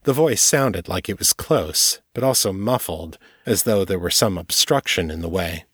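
A man reading his own novel aloud in steady, measured audiobook narration. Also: low-pitched, breathy edge, dry recording, studio quality.

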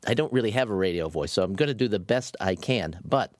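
A chatty man co-hosts a laid-back podcast. His pitch swings widely as he talks, and he stumbles over his words now and then. The recording is close and dry, with no room echo. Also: fairly quick, hardly any pauses. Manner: chatty, lively, some stammered starts. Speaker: podcast co-host. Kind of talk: casual podcast chat. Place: home in Florida.

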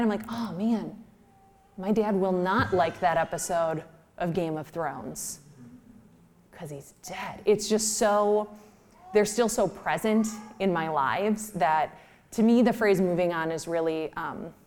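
A woman answering audience questions with candid, animated storytelling. She often laughs while telling stories, acts out quotes and leans heavily on "like". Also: lowish voice. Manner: heavy use of "like" as filler. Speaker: guest speaker at a live Q&A.

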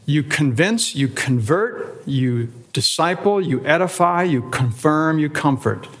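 A male pastor teaches an adult Sunday school class deliberately, stressing words in short listed phrases and posing rhetorical questions. His voice is fairly high, expressive, and a bit bright.

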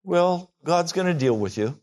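A man in his sixties preaches a sermon at normal speed, his darkish voice animated and emphatic. When he acts out quoted prayers, his pitch climbs.

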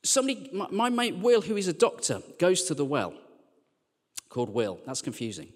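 A man preaching a sermon as a church team leader, chatty and joking, then turning quiet and earnest. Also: high voice, huge pitch swings, moderate pace, in a large hall. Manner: conversational and joking, dropping to quiet earnest lines.

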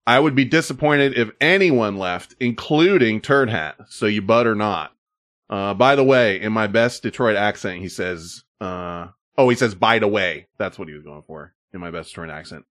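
A man's voice: lowish voice, expressive, normal speed, fairly bright tone. A man hosting a casual podcast, joking with co-hosts and reading listener emails aloud. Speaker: podcast host.

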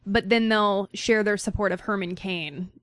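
A woman's voice: mid-range voice, steady tone, normal speed, fairly bright tone, no room sound, clean studio sound. A woman co-hosting a podcast, explaining news stories in casual conversation. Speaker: podcast co-host.

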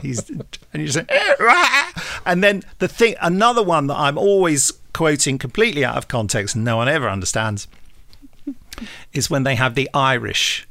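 A man's voice: mid-range voice, normal speed, pushed and bright, no room sound. A man with an English accent, a podcast guest chatting casually and animatedly, full of restarts and asides.

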